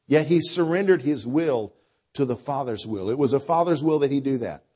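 Male pastor, sermon, husky voice, swings from hushed to loud. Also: a little high, normal speed. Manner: preacher with a dynamic delivery, swinging between soft and loud.

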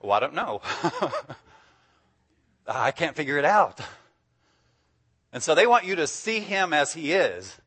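A man's voice: mid-range voice, fairly bright tone. Enthusiastic man preaching a sermon. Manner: enthusiastic, emphatic, laughs often. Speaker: guest preacher.

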